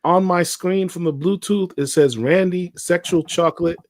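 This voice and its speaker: A man's voice: high-pitched, moderate pace, no room sound. A man co-hosting a casual chat, telling jokey stories about his daughter and comics.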